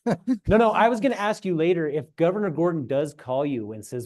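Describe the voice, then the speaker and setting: A man's voice: fairly high pitch, normal speed, a little mellow. A man interviewing a guest, asking questions in a joking, teasing way. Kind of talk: casual interview.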